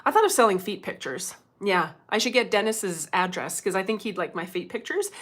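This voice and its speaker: A middle-aged woman, hosting a casual livestream as a medium, chatty and quick to laugh, greeting viewers by name. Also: medium pitch, animated, fairly bright tone.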